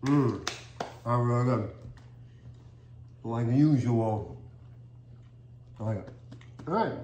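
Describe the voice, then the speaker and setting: A man's voice: mid-range voice, takes it slowly, mellow, dull audio. A man hosting a casual cookie-tasting vlog, upbeat and chatty as he talks while chewing. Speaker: cookie reviewer, channel host. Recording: echoey room, faint background noise.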